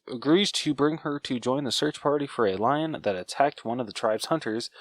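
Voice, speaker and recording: A man's voice: fairly low pitch, no echo. A young man co-hosting a podcast, casually recapping a film's plot, stumbling over names and swearing at himself. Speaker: podcast co-host.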